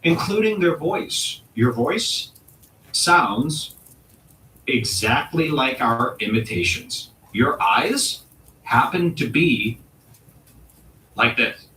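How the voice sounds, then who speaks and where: A man hosting a comedy show and delivering a provocative, mock-serious rant with dramatic pauses. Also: medium pitch, animated, bright, forceful tone, slight background noise. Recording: roomy echo, distant mic.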